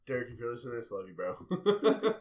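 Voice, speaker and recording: Lively, profane young man telling stories. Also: mid-range voice, brisk. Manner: profane, animated, quotes others in voices. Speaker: podcast guest, engaged groom. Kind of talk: casual storytelling chat.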